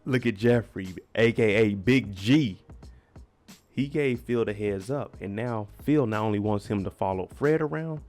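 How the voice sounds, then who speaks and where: A man's voice: fairly low pitch, unhurried, darkish tone, soft background music. Chatty, opinionated male TV recapper. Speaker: TV recap vlogger. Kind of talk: casual recap commentary.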